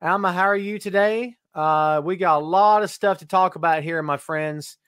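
A man's voice: sits high, moderate pace, fairly bright tone, clean tone, no echo, studio quality. A middle-aged man hosting a live-streamed wrestling podcast, joking and teasing as he greets viewers by name. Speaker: podcast host. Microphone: webcam live stream.

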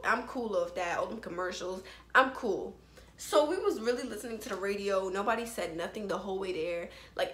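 A young woman vlogger telling a personal story to the camera in a casual, animated way, full of slang and fillers like "like" and "bro". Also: mid-range voice. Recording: echoey room.

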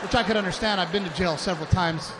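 A man with a high voice tells a crude, animated stand-up story about himself. He is recorded on a club stage through a handheld mic, with clear background noise in the room. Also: fast, in a large hall, a loud crowd. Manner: animated storyteller with crude, self-mocking punchlines. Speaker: stand-up comedian. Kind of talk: stand-up routine.

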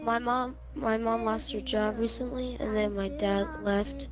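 A man voicing a timid boy gamer who talks softly and slowly about hard times at home. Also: sits high, level tone, over music, voice pushed up. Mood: shy. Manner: soft, shy, slow.

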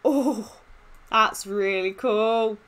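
A woman giving casual gaming commentary as she opens in-game chests, gushing and excitable. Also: fairly high pitch, extremely slow. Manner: excitable, gushing, squeals with delight. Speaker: gaming YouTuber.

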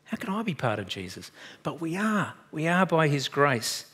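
Male pastor, fairly high voice, conversational and animated sermon delivery. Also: normal speed, husky. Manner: conversational and animated, acts out dialogue, emotional at times. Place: church.

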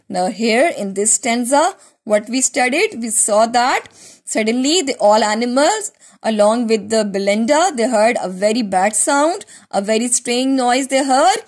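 A woman teacher giving a recorded lesson, explaining a poem slowly, repeating words and asking simple questions. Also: fairly high pitch.

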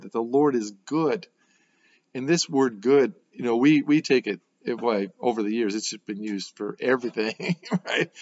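A man walks through scripture in a relaxed, conversational way, thinking aloud and tossing in quick "right?" asides. His voice sits at an ordinary middle pitch. The recording sounds slightly muffled and dull. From United States. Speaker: host giving a Bible devotional. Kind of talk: informal devotional teaching.

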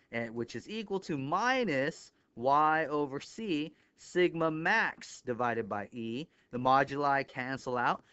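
A man talks through a whiteboard lecture in a clear, smooth voice at a middle pitch, pointing out each item with 'right here' and snapping each step shut with a quick 'bam'. The recording is dry and a little dull and lo-fi. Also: a bit bright, no echo. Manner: thinks aloud, punctuates steps with 'bam'. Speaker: engineering instructor.

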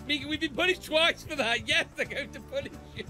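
A man's voice: very high-pitched, a little fast, over music. A man hosting a gaming stream, teasing his partner and patiently explaining the game in casual banter. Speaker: streamer host.

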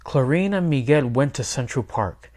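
A man, a teacher, reading a children's picture book aloud in clear, steady storytelling. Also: medium pitch, normal speed. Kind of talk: children's read-aloud narration.

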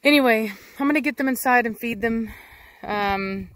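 A woman hosting a casual dog vlog outdoors. She explains training in a chatty way and switches to coaxing baby talk and sharp commands for her dogs. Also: fairly high pitch, normal speed, no room sound. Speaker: dog breeder and channel host.

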